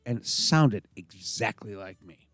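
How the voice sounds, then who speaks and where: A man's voice: on the low side, lively intonation, a little slow, fairly bright tone, no echo. Blunt, swearing podcast man. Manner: blunt, swears freely, rambling storyteller. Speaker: podcast co-host. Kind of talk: casual chat.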